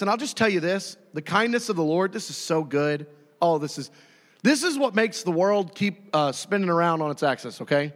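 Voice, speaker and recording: A man preaching a sermon, animated and dramatic, often acting out voices and shouting. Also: sits high, long reverb tail.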